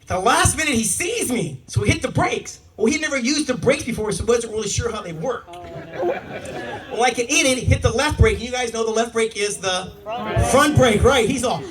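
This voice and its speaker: A man performing a stand-up comedy set, telling animated stories and laughing at his own jokes. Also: very high-pitched, moderate pace. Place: comedy club stage. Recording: live room mic, distant, with audience. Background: audience laughter.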